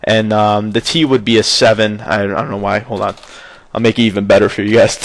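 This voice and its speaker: A young man talks loosely and informally about his gaming days. He leans on filler words and swears freely. His voice sits a little low, and the recording is dry with no room sound. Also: fairly even intonation, a little fast, gravelly, no echo. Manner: rambling, heavy on fillers, swears often. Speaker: gaming video maker. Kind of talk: casual nostalgic gaming chat.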